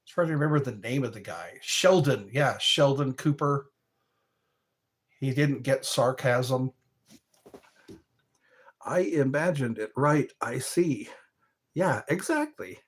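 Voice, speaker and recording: A man's voice: medium pitch, expressive, takes it slowly, pauses often. A man hosting a livestream, chatting casually with viewers in a rambling way and chuckling often. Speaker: livestream host. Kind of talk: casual chat answering viewer comments.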